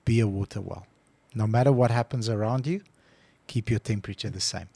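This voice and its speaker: A man's voice: fairly low pitch, brisk, vocal fry, warm tone, slightly rough, dry recording. A man co-hosting a casual podcast who tells stories with animation and acts out his phone calls. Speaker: podcast co-host. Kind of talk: casual chat.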